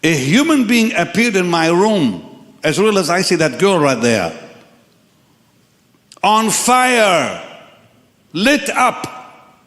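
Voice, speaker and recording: An older male preacher with a fairly high voice, delivering a dramatic sermon that rises and falls widely in pitch. He moves from near-whispers to shouts. The sound carries the long echo of a large hall. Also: sing-song, slow, long pauses. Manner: dramatic, swings from hushed to shouting. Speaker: pastor. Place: large church or crusade hall with congregation.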